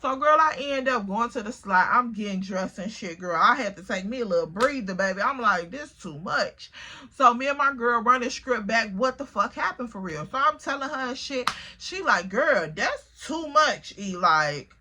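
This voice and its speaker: A young woman telling a storytime vlog, animated and slangy, cursing freely and calling her viewers girl. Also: fairly high pitch, a little fast, few pauses. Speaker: vlogger.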